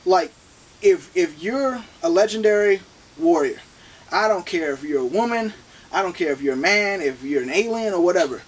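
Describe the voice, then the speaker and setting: A man in his thirties co-hosting a casual movie review podcast, animated and playful, talking fast with lots of restarts. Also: sits high, slightly rough, far from the mic. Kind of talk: casual chat.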